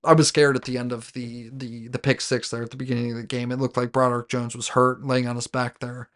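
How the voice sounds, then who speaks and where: Fairly quick and a bit bright, his mid-range voice stays level in tone. He's a fan hosting a sports podcast alone, rambling through a recap of "our" game with frequent fillers, restarts and self-corrections.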